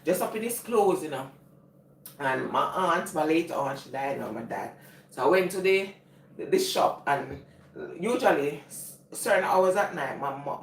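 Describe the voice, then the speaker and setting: This woman vlogger has a low voice and a Jamaican accent, and she laughs a lot while telling loose, casual stories. Her voice comes from a distance in an echoey room, with slight background noise.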